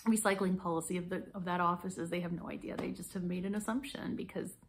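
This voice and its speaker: A woman's voice: lowish voice, steady tone, fast, a little hiss or hum. A woman in her forties reviewing hand care products in a casual vlog, rambling, self-deprecating and laughing often. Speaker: beauty vlogger.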